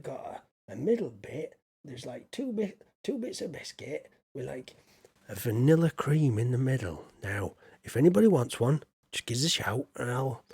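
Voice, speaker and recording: A man's voice: medium pitch, gravelly, mellow, slightly rough, no room sound. A middle-aged man with an English accent chatting playfully to his viewers as he streams a farming game, muttering asides and letting sentences trail off. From England. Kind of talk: casual live-stream gameplay chat.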